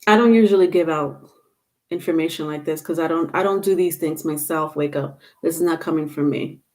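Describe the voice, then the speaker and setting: A woman's voice: sits low, brisk, darkish tone. A woman giving a casual tarot reading to her viewers, chatty and instructive, with many fillers and restarts. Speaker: tarot reader.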